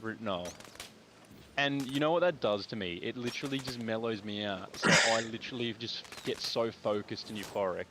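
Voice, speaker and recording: A man's voice: on the low side, normal speed. Rambling young Aussie man, noisy background. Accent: Australian. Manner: rambling, slangy storytelling with heavy swearing. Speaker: streamer. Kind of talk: casual chat while gaming on stream.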